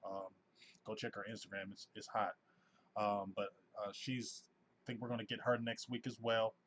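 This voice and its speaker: A man in his forties hosting a casual sports fan livestream, talking in an animated, effusive way and reading out viewers' names. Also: on the low side, moderate pace, a little hiss or hum. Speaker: host of a sports fan live show.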